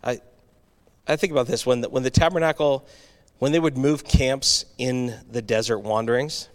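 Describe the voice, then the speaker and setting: A man's voice: mid-range voice, steady tone, normal speed. Conversational male pastor preaching. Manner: conversational, with restarts and asides to the congregation. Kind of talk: sermon.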